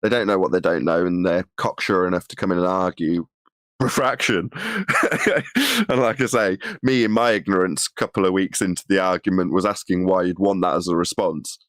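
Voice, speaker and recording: Deep-voiced mocking male co-host. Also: steady tone, brisk, dry recording. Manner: mocking, chuckling, argumentative. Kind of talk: casual online call-in chat.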